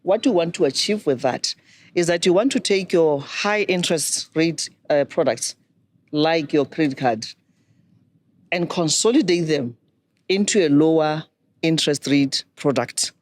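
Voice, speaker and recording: A middle-aged woman, a banking expert giving measured, instructive advice. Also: deep voice. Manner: measured, instructive, poses questions to listeners. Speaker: banking and microfinance expert guest. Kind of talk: explanatory advice talk.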